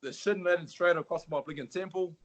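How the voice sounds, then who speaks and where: A man's voice: high voice, a little fast. A man from New Zealand, a fighter and guest, telling his story in a laid-back, plain-spoken way. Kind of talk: casual chat.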